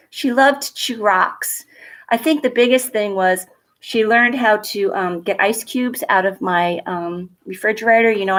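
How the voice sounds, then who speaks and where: A woman from a school reading a picture book aloud to children at home, gentle and expressive, a little nervous, chatting to the kids between pages. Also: medium pitch. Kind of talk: storybook read-aloud for children.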